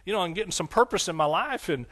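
Emotional middle-aged pastor preaching testimony. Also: male voice, high-pitched, lively intonation, fast. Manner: emotional, tearful at times, swings between hushed and loud exclamations. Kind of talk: sermon testimony.

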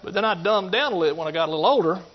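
With a drawl and a fairly high voice, a middle-aged man preaches a sermon in a folksy, conversational, expressive manner at rapid-fire speed. He hits key points loudly, slips into quiet asides, and keeps calling out to the congregation. The audio is dull and lo-fi.

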